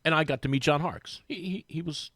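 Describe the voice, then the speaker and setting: Radio guest, male, lively storyteller, slightly high voice, dry studio mic. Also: brisk, husky, no room sound. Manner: animated storyteller, mimics voices, lots of restarts. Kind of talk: casual sports radio chat. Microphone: studio microphone.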